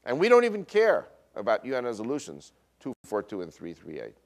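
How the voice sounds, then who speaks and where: An American man with a Northern US accent telling a personal story in a lecture, quoting others and often pausing on fillers. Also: mid-range voice. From United States. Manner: animated retelling with quoted voices, frequent uh fillers. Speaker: speaker.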